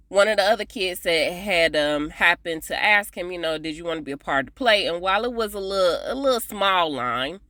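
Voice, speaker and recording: A woman's voice: lowish voice, no room sound. Chatty woman recapping a TV episode. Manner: chatty, animated, often laughs, addresses viewers as y'all. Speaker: TV episode reviewer.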